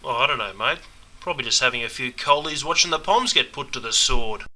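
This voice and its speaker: Male actor as easygoing Australian larrikin, Australian accent, broad drawl, animated. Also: mid-range voice, brisk, poor audio. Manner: broad slangy ocker drawl. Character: laid-back Aussie bloke watching cricket. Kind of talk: scripted comedy sketch.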